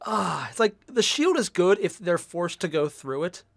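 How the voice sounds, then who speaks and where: Excitable high-voiced young man gaming. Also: normal speed, creaky. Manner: excitable, jokey, sudden shouts. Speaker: game streamer. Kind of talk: casual gameplay commentary.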